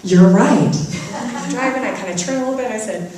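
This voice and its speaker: Quick and fairly high-pitched, this woman delivers an inspirational spiritual talk, telling her audience personal stories with humor aimed at herself. A faint hiss or hum is present, and she sounds far from the mic in a very echoey room.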